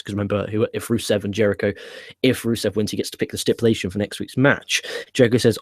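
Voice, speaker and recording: A man giving a casual, opinionated recap of a wrestling show he is booking, blunt and quick to swear. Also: lowish voice, steady tone, no echo, clean studio sound.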